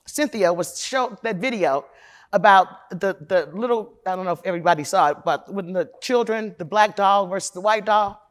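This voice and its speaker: A loud, opinionated woman from Chicago gives a frank, profane talk at a conference. She is a defense lawyer with an emphatic delivery and a mid-range voice, and she addresses the audience directly. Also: medium pitch. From Chicago, USA. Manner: talks straight to the audience.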